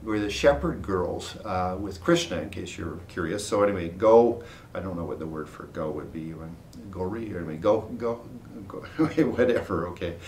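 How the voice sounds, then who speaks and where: A man teaching a class, reading a ritual text aloud and explaining it, pausing often with fillers and correcting himself. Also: expressive, darkish tone. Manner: halting, many uh fillers and self-corrections. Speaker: Buddhist teacher. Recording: roomy, distant mic with faint rumble.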